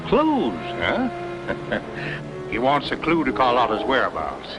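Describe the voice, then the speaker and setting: A sneering gang boss. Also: male voice, mid-range voice, wildly swooping pitch, slow pace, poor audio. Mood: menacing. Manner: menacing, scornful orders. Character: scheming sinister male gang boss. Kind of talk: 1940s film acting. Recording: old film soundtrack with loud music.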